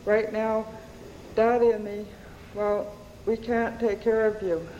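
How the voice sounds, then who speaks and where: A woman's voice: a little high, little pitch movement, slow pace, dark tone, big-room sound, dull audio, slight background noise. A woman voicing a tearful mother, strained and trying to stay composed, while reading her novel aloud. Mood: pleading. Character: tearful mother, struggling to hold back sobs.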